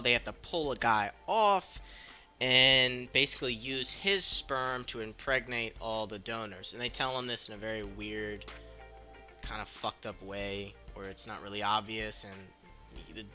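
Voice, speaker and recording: A man recapping a film casually, swearing a lot and rambling excitedly, on a cheap mic. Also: mid-range voice. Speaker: film review vlogger. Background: background noise and faint music.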